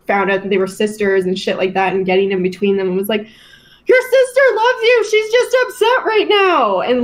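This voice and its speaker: A woman with a Canadian accent, co-hosting a podcast and telling stories in an animated way, full of "like" and casual swearing. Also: a little high. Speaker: podcast co-host. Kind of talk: casual storytelling.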